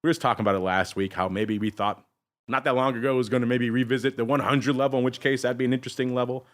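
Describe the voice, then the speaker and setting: A male podcast host with a mid-pitched voice, rattling off figures in a quick, upbeat rundown. He keeps calling out to his listeners as he goes. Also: steady tone. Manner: upbeat, addresses listeners, quick list reading. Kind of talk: rapid-fire market rundown.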